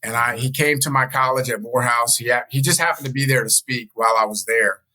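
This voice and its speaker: A man guesting on an interview show as a speaker and coach, telling personal stories in a casual, animated way. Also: fast talker, poor audio. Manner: animated storyteller, jumps higher when quoting others.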